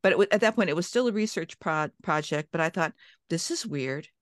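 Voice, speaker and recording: Smooth chatty woman guest, dry sound. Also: lowish voice, fast, no echo. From Minnesota. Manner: chatty, many restarts and quoted inner thoughts. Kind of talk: casual interview storytelling.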